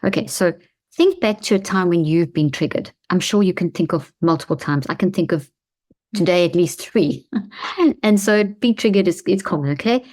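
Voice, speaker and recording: A woman hosting a self-help talk, speaking calmly and slowly with a reassuring tone and repeated phrases. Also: fairly low pitch. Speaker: host.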